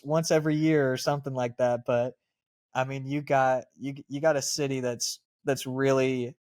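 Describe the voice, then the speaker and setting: A man with a Southern US accent co-hosting a sports podcast, talking in an emphatic, rambling way with many fillers and restarts. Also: mid-range voice. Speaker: podcast co-host. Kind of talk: casual sports talk.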